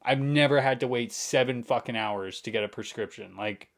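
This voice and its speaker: A man's voice: mid-range voice, normal speed, fairly bright tone. A young man venting to the camera in a frustrated, swearing rant, muttering some lines under his breath. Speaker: vlogger.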